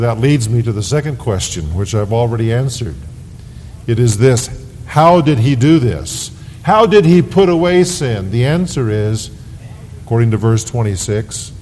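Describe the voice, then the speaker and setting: Man, pastor, sermon, deliberate emphatic delivery, long church reverb, faint rumble. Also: expressive, darkish tone. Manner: slow, deliberate preaching with emphatic stresses.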